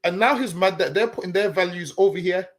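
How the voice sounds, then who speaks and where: High-voiced Englishman arguing earnestly. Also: fairly quick. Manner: earnest, reasoning aloud, stumbles and restarts. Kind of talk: casual discussion.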